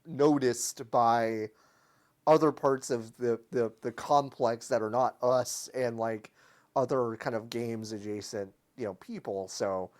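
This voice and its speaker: A podcast co-host chatting loosely with lots of fillers and excited outbursts. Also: medium pitch, a little slow. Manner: loose, filler-heavy, swings loud and excited. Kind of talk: casual chat.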